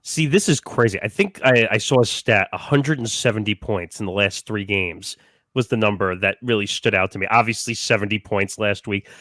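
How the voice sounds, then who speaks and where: A man's voice: lowish voice, normal speed, a bit bright, no room sound, studio quality. A man on a sports podcast panel, talking casually with hesitant restarts.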